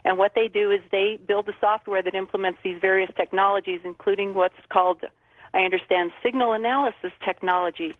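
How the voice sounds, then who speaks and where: A woman's voice: mid-range voice, fairly even intonation, a little fast, dry recording. Female caller from Arizona, tinny phone line, chatty and meandering. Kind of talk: phoning in to a radio show.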